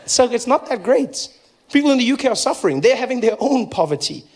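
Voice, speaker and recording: High-voiced South African man doing stand-up. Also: fairly quick. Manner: animated storytelling, jumps into high shouted voices for quoted people. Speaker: stand-up comedian. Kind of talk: stand-up comedy set.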